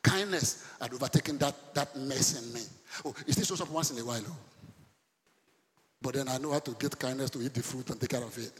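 A man preaching a sermon to a congregation, animated, quizzing his listeners and breaking into laughter and loud outbursts. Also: medium pitch, brisk, a little hiss or hum. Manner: animated preaching, sudden shouts and laughs, asks the congregation questions. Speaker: pastor. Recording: long hall reverb.

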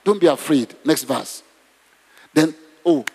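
A man preaching a sermon, animated and exclamatory, leading the congregation in prayer. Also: mid-range voice, a little slow, pauses often, breathy edge. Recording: long reverb in a hall.

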